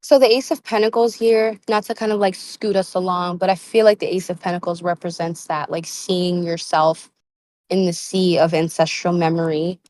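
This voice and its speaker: Woman doing a live tarot reading, kinda low voice, super casual and rambly w slang, dry close mic. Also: steady tone, moderate pace, a little mellow, dry recording. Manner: casual, loose, searching phrasing with slang and fillers. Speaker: tarot reader.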